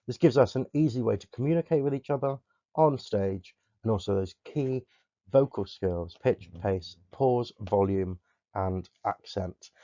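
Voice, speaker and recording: A male drama teacher from Somerset, clearly explaining stage terms and vocal skills in a recorded lesson. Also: on the low side, measured pace, warm tone, no echo. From Somerset, England. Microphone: close desk microphone. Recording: dull, lo-fi dry recording.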